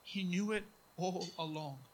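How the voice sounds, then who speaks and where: A man preaching a sermon earnestly, acting out quoted voices in hushed tones. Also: sits high, unhurried, slight background noise, low-quality recording.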